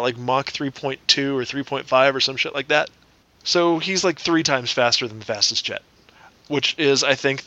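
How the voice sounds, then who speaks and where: A man's voice: medium pitch, bright, forceful tone, no echo, muffled recording. A man in casual podcast chat, working through numbers aloud and double-checking himself.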